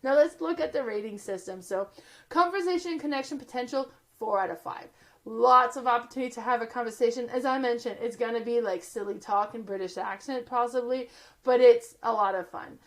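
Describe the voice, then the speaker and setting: Woman, casual review chat, chatty, laughs often, slightly high voice. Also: a little fast. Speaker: board game reviewer.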